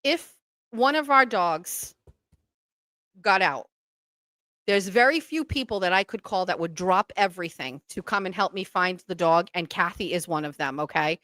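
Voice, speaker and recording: A woman, hosting a podcast and telling a story in casual, animated fashion, acting out what other people said. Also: on the low side, normal speed, dry recording. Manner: animated, acts out quoted voices. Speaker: podcast host.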